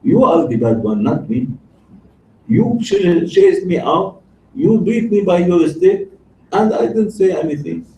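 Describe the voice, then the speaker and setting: A man voicing God in a sermon parable, patient and gently reproving. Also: sits high, big pitch swings, a little slow, heavily acted. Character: divine voice, gently reproving a prophet. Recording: roomy, distant mic, faint background noise.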